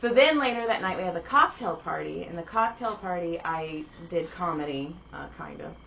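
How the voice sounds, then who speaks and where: A woman's voice: lowish voice, normal speed, creaky, muffled recording, a little hiss or hum. Woman telling a story on a podcast. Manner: animated, profane storyteller acting out quoted voices. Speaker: podcast co-host. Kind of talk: casual storytelling chat.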